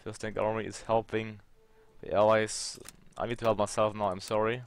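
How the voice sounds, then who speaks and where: A man's voice: fairly low pitch, flat delivery, normal speed, slight background noise. A young man commenting on his strategy game as he plays, thinking aloud and swearing when the game bugs out. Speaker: let's play host.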